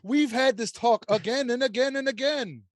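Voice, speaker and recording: A man voicing a grumpy male landlord fed up with his tenant's cats, with a put-on Eastern European accent, loud and scolding, in a comedic script read-through. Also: extremely high pitch, normal speed, pitched above the performer's own voice. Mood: angry. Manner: loud, scolding, repeats himself. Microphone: podcast mic.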